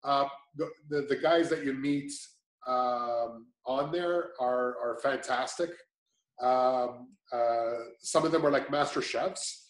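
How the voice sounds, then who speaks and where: A man's voice: medium pitch, slow pace, roomy sound, low-quality recording. A man giving a casual testimonial about his progress, talking in a rambling way with many restarts and fillers.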